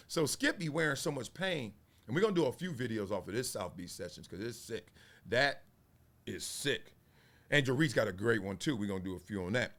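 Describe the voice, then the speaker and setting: A man, giving playful, animated casual commentary on sports media. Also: mid-range voice, brisk. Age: 40s. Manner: animated, playful, acts out quotes in voices.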